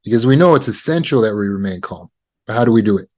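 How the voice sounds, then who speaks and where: A man with a somewhat low voice teaches, steady and unhurried. He speaks in a calm, measured way and lets his phrases settle with deliberate pauses. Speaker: trauma recovery coach. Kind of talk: teaching talk on negotiation.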